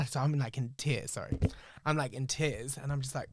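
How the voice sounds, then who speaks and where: A man, speaking on a podcast in an emotional, reflective way. His voice sits at an ordinary middle pitch. It is recorded close and dry, with no room sound at all. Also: fairly quick, hardly any pauses, no room sound. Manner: emotional, reflective, swears freely. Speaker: podcast host. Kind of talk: candid podcast storytelling.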